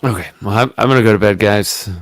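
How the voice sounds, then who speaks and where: A man's voice: lowish voice, fast talker, no echo. A man chatting casually on a livestream, telling a rambling story full of restarts. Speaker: guest in a livestream hangout. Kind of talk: casual chat.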